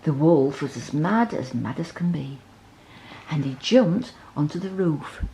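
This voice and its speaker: Low, gravelly bedtime storyteller woman. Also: expressive, measured pace, a little hiss or hum, poor audio. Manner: gentle, asks the child to look at pictures.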